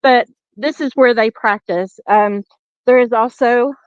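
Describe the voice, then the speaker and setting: A woman's voice: a little high, unhurried, clear, resonant tone, no echo, dull audio. A woman with a Southern US accent giving a casual walking tour outdoors, talking while she films on her phone. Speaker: tour guide.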